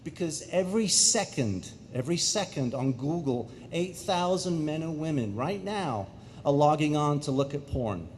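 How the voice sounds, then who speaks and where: A middle-aged man from England giving an animated talk to an audience in a school hall, joking and asking them questions. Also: on the high side, moderate pace, slight background noise. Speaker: speaker. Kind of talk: energetic public talk. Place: school auditorium.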